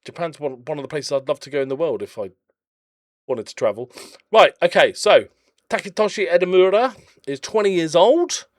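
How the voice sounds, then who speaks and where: A man's voice: a little high, lively intonation, normal speed, no room sound, studio quality. A man casually commentating on his own game footage, chatty and jokey, rambling off into blunt little rants. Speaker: game channel host.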